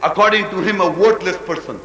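Animated man lecturing in an echoey hall. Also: sits high. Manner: animated, rapid chanted recitation between explanations. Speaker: religious teacher. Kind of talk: scripture commentary lecture.

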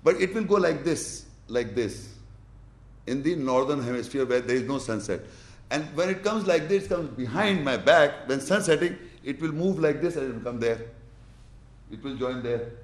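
A man's voice: mid-range voice, reverberant. A man teaching a religious lesson, quizzing his class and demonstrating with his hands.

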